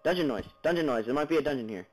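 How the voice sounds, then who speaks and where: A man's voice: fairly high pitch, expressive, very fast, darkish tone, soft background music, poor audio. A man giving jumpy let's-play commentary on a block-building game, chattering at monsters and viewers with sudden yelps, recorded on a basic computer mic. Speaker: gaming channel host. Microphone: basic computer mic, no headphones.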